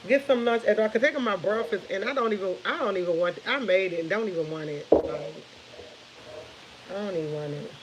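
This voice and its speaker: Woman, thirties, casual morning live chat, rambling, laughs a lot, mid pitch. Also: a little fast, noisy background. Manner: rambling, chatty, laughs often. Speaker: live stream host.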